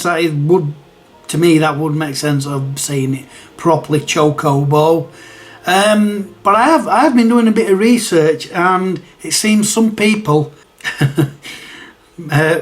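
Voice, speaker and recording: A man hosts a retro gaming channel and talks casually to camera, rambling and hesitant, with many restarts and chuckles. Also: on the high side.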